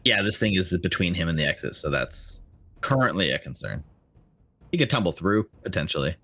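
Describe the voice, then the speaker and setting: A man's voice: low voice, very animated, fairly quick, fairly bright tone, no room sound. A man acting as game master, patiently explaining rules and double-checking the players' choices. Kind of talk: running a tabletop game online.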